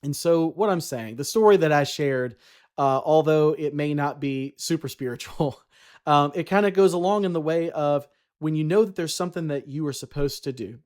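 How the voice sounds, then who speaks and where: A man's voice: a little high, normal speed, a little mellow. A man giving a casual devotional talk, chatty, with many fillers and restarts. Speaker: Christian vlogger.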